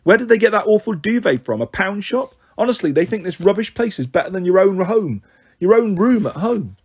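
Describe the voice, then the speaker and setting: A man reading a story aloud, voicing a flighty, chatty young mother with a breezy, cheeky manner and a husky voice. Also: high voice, lively intonation, fairly quick, a little mellow, voice pushed up, heavily acted.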